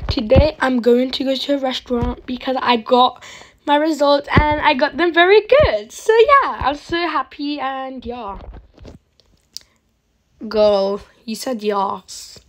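A woman casually commenting on her gameplay, chatty and dramatic, talking straight to her viewers. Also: high-pitched. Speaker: gaming channel host.

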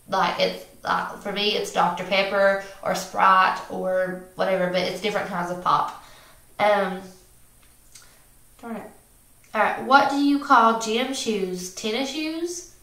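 Young west virginia gal vlogging, bright voice, takes her time, echoey room. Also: fairly high pitch. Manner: chatty, halting, with many fillers and little laughs. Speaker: beauty vlogger. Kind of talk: casual accent-tag vlog.

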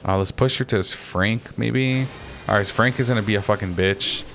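A man's voice: moderate pace, creaky, a bit bright, slight background noise. A young man giving casual gameplay commentary, swearing and ranting at opponents, his voice climbing when he gets agitated. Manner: restarts and fillers, rises in pitch when agitated. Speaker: gaming commentator.

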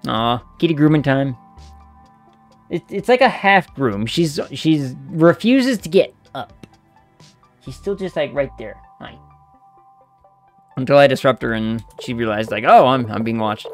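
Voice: medium pitch, very animated, unhurried, pauses often, faint music behind. A streamer chatting through a video game, making rambling, amused asides. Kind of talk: let's-play commentary.

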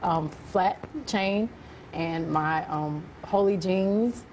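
A woman answering as a guest on a talk show, soft-spoken and giggly with hesitant fillers. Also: fairly low pitch, drawn-out words. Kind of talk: casual interview answers. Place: TV studio with live audience. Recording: studio audience and background noise.

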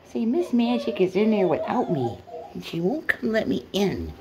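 A middle-aged woman filming at home on her phone, cooing soft giggly baby talk to her foster pets. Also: medium pitch, very animated, moderate pace, background noise. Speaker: pet foster carer. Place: at home indoors. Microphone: phone camera.

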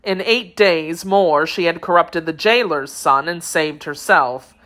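A woman's voice: fairly low pitch, measured pace, a bit bright. Woman reading a grim, solemn executioner. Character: stern vengeful male executioner, grim and cold.

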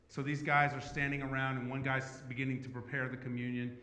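A man preaching a sermon as pastor, talking in a conversational way that swings from emphatic to hushed. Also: mid-range voice, steady tone, fast, few pauses. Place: church sanctuary. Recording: echoey church hall.

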